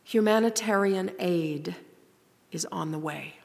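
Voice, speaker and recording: A woman reading the lines of a weary grown man who gives grim news in a hushed, flat way, in a long reverberant hall. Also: lowish voice, takes it slowly, vocal fry.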